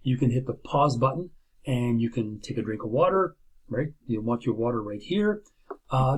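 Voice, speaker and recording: A man's voice: medium pitch, darkish tone, slightly rough. A middle-aged man, an instructor, gives a recorded video lecture from his chair at home, talking casually with many fillers and "right?" checks. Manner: conversational, many fillers and restarts, tag questions. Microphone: laptop built-in camera and microphone.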